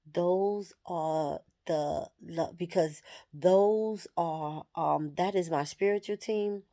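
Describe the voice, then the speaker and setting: A woman shares a personal spiritual reflection in a vlog. Her voice sits a little low, and she speaks at a very unhurried pace. She is candid and soft-spoken, with pauses between her thoughts. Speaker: vlogger.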